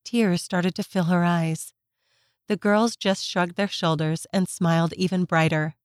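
A woman with a fairly low voice reads a children's story gently and at a measured pace. She is recorded close and dry on a studio mic, with no room sound at all. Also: fairly even intonation, dry recording. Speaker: narrator. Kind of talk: scripted narration of a children's story.

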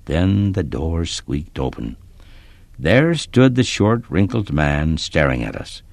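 A man reads a story aloud in a steady, expressive storytelling voice. His tone is very deep yet moves with lively rises and falls, and the recording is dry and close, with no room sound. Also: slow pace, creaky, dry recording. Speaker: narrator. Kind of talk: storybook narration.

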